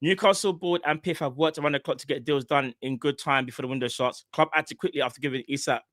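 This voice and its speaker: A man's voice: on the high side, quick pace, dry recording, clean studio sound. A man co-hosting a casual football live stream, bantering with slang. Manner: animated banter, London slang.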